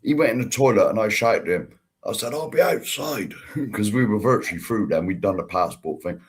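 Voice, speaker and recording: A man's voice: on the low side, a little fast, slightly rough. A man co-hosting a casual chat show, telling blunt stories and laughing at himself. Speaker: podcast co-host.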